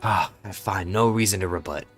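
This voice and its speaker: A man voicing a wily, smooth-talking male shopkeeper with old-fashioned, wheedling phrasing. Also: sits low, brisk, a bit bright, soft background music. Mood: haggling.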